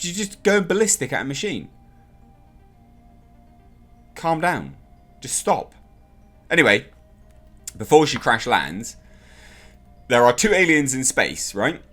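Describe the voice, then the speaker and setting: A young man giving a casual, exasperated spoken review of a TV episode, ranting in an animated way. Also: mid-range voice, slow pace, pauses often, soft background music.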